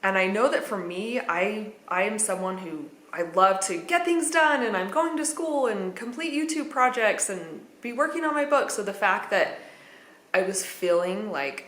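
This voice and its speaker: A woman's voice: mid-range voice, moderate pace, a bit bright, slight background noise. Chatty woman vlogger in an echoey room. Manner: candid, chatty, with nervous laughs and many fillers. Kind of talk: casual personal account.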